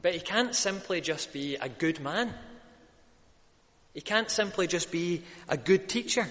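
A man preaching a sermon, building to loud, emphatic peaks when he quotes a crowd. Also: high voice, animated, unhurried, big-room sound. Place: church.

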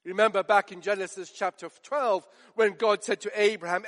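A man with a notably high voice delivers a sermon in an emphatic, rhetorical way, pausing for effect and acting out quoted lines. His voice rings with a long reverb, as in a large church hall. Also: steady tone, fairly bright tone. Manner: emphatic, rhetorical, with dramatic pauses and quoted dialogue. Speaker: preacher.

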